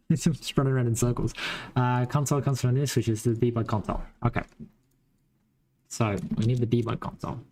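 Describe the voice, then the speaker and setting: A man's voice: mid-range voice, little pitch movement, fairly quick, long pauses, darkish tone, a little hiss or hum. A man with a mild West Australian accent, a game developer chatting casually while coding, thinking aloud, rambling and swearing now and then. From Western Australia. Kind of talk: casual live-coding chat.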